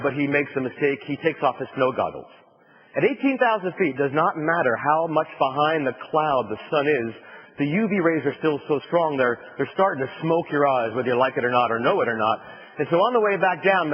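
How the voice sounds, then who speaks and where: A man from New Jersey giving a motivational keynote, telling a comic adventure story with punchlines and acted-out shouts. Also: a little high, animated, fairly quick, slightly rough, in a large hall, muffled recording. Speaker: motivational speaker.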